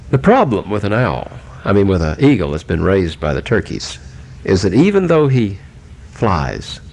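A male preacher telling a humorous animal story in a folksy, unhurried sermon, with many pauses and fillers. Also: deep voice, gravelly, a little hiss or hum.

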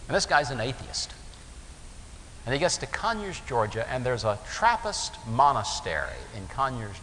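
A man preaching a sermon in a gravelly, bright voice. His pitch swoops and climbs as he tells stories and acts out their voices. The recording rings in a long hall echo over a faint hiss. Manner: storytelling, acts out voices in anecdotes.

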